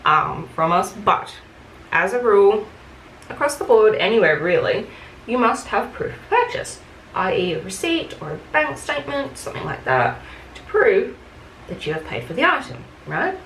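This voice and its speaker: A woman's voice: medium pitch, big pitch swings, normal speed, fairly bright tone. Woman, casual get-ready-with-me rant, frank and chatty, swearing, echoey room, faint background hum. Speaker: retail worker telling stories.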